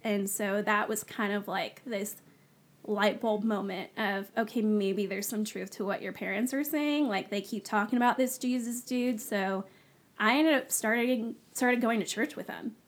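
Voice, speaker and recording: A woman, a guest on the show, telling her personal story in a casual, animated way, acting out the dialogue she quotes. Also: mid-range voice, a little slow. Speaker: guest sharing her testimony.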